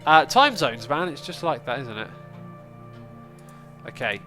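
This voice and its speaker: A man's voice: medium pitch, sing-song, measured pace, sharp tone, soft background music. A man with a stuffy, congested nose hosting a casual gaming livestream, chatting and thinking aloud as he plays. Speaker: livestream host.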